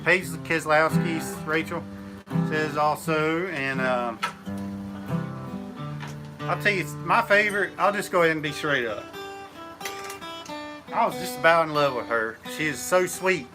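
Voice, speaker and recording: A man's voice: on the high side, a little slow, pauses often, over music, poor audio. A man hosting a casual live chat, laid-back and chuckling, with a slight cold. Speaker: host.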